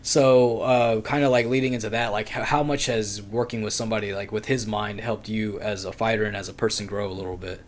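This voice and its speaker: Casual man co-hosting, a touch low. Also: steady tone, a little fast, hardly any pauses. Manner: loose, swears freely, rambling storyteller. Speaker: podcast co-host. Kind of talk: casual interview chat.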